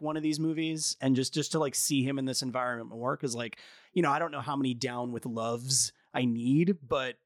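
A man's voice: medium pitch, no room sound, clean studio sound. A man co-hosting a casual film podcast who muses hesitantly, with many fillers and restarts. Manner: hesitant, filler-heavy musing. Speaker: podcast co-host.

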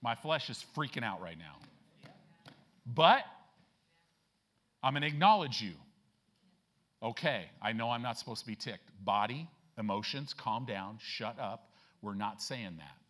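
A man preaching a sermon as a church pastor, folksy and emphatic, often checking in with "right?" and slowing down and growing louder to stress scripture. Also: lively intonation. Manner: slows and rises in pitch and volume to stress scripture.

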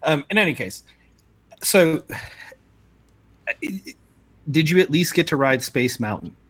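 A man's voice: on the high side, expressive, fairly bright tone, dry recording. A young man joking and teasing his friend in a casual podcast chat. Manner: joking, quick to tease. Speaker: podcast co-host.

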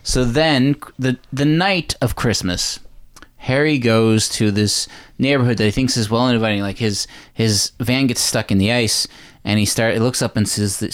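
A man co-hosting a casual movie chat, recapping scenes and acting out the characters' lines in quick voices. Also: fairly low pitch, no room sound. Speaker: podcast co-host.

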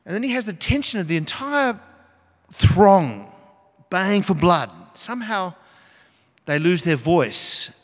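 A man's voice: sits high, very animated, slow pace, pauses often. Older guy preaching a sermon, dramatic storyteller, big echoey church hall. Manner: dramatic storytelling with sudden emphatic rises. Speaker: pastor. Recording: long hall reverb.

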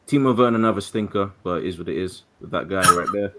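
A man hosting a football podcast, relaxed and wry. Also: sits low, fast talker, noisy background. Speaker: podcast host. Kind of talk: casual football chat.

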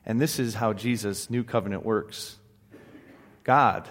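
A male pastor giving a sermon, moving between hushed, solemn passages and emphatic raised exclamations, with casual asides and restarts. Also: lowish voice, measured pace, long pauses. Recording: long hall reverb.

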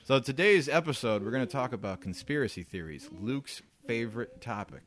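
A man's voice: medium pitch, fairly quick. A man co-hosting a casual podcast, ranting and laughing as he leads the topics. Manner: ranting, laughs often, animated. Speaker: podcast co-host leading topics.

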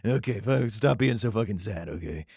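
Brief: man voicing a preachy friend, low and quiet, swearing, offhand. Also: lively intonation, normal speed, creaky, husky, no echo, studio quality, exaggerated voice. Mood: dismissive.

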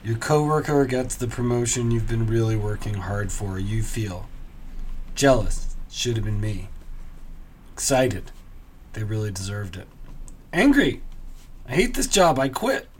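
A man's voice: fairly low pitch, measured pace, long pauses, a little hiss or hum. A man hosting a solo comedy podcast, musing in a dry, self-mocking way with muttered asides. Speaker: podcast host.

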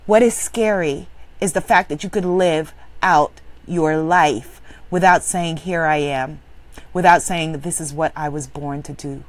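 With a steady tone and no rush, a spiritual business coach, a woman, delivers a motivational talk that's emphatic and preachy, veering from loud exclamations to low, intense affirmations. The recording has no echo.

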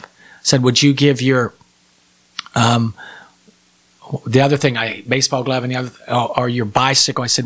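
A man's voice: mid-range voice, little pitch movement, normal speed, pauses often, fairly bright tone, slightly rough. A man in his forties, sharing a heartfelt personal testimony as a podcast guest, earnest and emotional, with frequent restarts.

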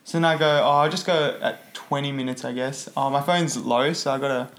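A man's voice: medium pitch, fairly even intonation, a little fast, a bit bright. A man telling a story on a podcast, laughing often and mimicking the people in it. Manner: laughs often while telling a story, acts out quoted voices. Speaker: podcast co-host. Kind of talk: casual chat.

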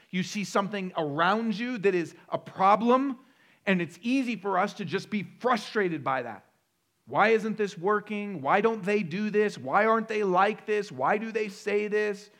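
A man's voice: high-pitched, fairly bright tone. A middle-aged man, a pastor, preaching a sermon in a conversational way, joking with the crowd and building to emphatic repeated lists.

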